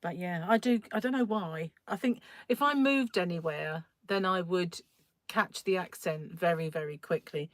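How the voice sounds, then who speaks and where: A woman's voice: fairly low pitch, normal speed, dry recording, studio quality. A middle-aged woman, chatting casually on a crochet live stream, laughing often and greeting viewers by name. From England, North London.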